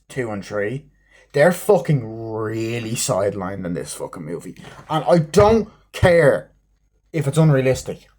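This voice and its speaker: Man, casual movie review, profane, rambling, mid pitch. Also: a little mellow, a little hiss or hum. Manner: profane, rambling, acts out scenes in quick snippets.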